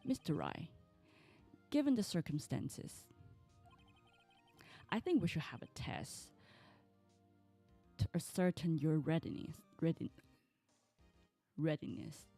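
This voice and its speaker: A woman's voice: deep voice, wildly swooping pitch, slow, creaky, long pauses, mellow, faint music behind, exaggerated voice. A woman voicing a stern older male judge in a game, reading his lines formally. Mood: solemn.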